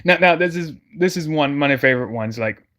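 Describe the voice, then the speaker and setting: A man's voice: a little high, expressive, fairly quick, a bit bright. A man giving heated, scornful reaction commentary as a streamer, speaking straight to his viewers. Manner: emphatic, scornful, addresses the audience directly.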